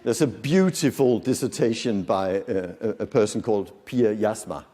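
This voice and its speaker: A man's voice: fairly low pitch, normal speed, dark tone. A man in his fifties giving a live conference lecture, talking conversationally with jokes and questions for the audience. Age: 50s. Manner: conversational, joking, quizzes the audience. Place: large conference hall. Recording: long hall reverb from the lecture room.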